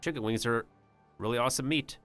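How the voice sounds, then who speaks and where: A man's voice: medium pitch, fast, over loud music. Rambling, jokey male game streamer. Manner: rambling and jokey, talks to his chat and slips in joke drawls. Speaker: livestreamer. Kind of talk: casual gameplay commentary.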